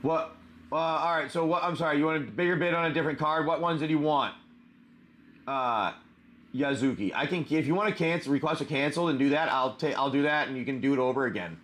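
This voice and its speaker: Chatty male card-stream host, higher voice. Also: brisk, a bit bright. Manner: chatty, greets viewers by name, many fillers. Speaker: live stream host opening card packs. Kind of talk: casual live stream chat.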